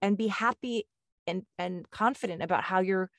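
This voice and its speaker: A woman hosts a relaxed conversation, telling a personal story with lively energy and voicing the people she quotes. Her recording is dry and close, with no room echo. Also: mid-range voice, normal speed, gravelly. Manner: animated storyteller, acting out quoted dialogue. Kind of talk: casual chat.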